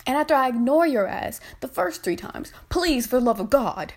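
A woman's voice: fairly high pitch, very animated, fairly quick, vocal fry, few pauses. Blunt, profane woman ranting. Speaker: podcast host. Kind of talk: casual rant into a phone. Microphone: phone.

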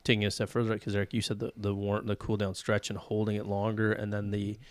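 Low-voiced man, casual podcast co-host. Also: completely flat delivery, fast, no room sound. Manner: chatty, tells anecdotes, jokes around. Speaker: podcast co-host, former pro volleyball player and coach. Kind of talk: casual chat.

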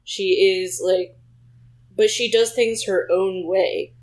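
A young woman in casual chat with friends, thinking out loud as she explains her picks. Her voice sits at a middle pitch, and she works through her points slowly with many fillers. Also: fairly even intonation, poor audio. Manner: thoughtful, explains at length with fillers.

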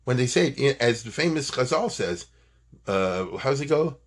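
Husky-voiced man teaching an informal Torah class. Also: mid-range voice, measured pace. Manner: animated, digressive storytelling with Hebrew phrases.

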